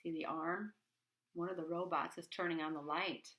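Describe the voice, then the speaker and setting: A woman reading a bedtime picture book aloud to children, hushed and half-whispered, with playful loud bursts. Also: on the low side, fairly even intonation, moderate pace, very noisy. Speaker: children's storybook reader.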